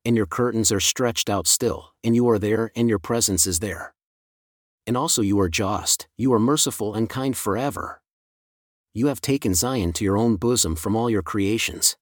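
A man's voice: fairly low pitch, no room sound, studio quality, lightly acted. A man voicing a male prophet who pleads earnestly with God in a solemn scripture reading.

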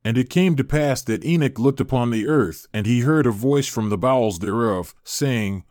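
Man reading scripture slow and solemn, dry close sound. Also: medium pitch, a little mellow, dry recording. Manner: measured, solemn. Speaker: scripture reader.

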